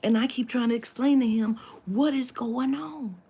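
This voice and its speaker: A woman telling a story to camera, animated and profane, dropping into whispered asides. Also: on the high side, normal speed, gravelly, husky. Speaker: spiritual reader telling a story.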